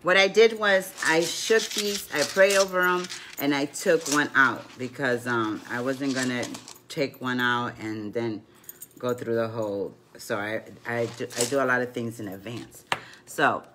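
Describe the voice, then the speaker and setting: A woman's voice: very deep voice, background noise. An older woman and grandmother telling a rambling story between rune and card readings, full of "you know" asides, as a casual vlog.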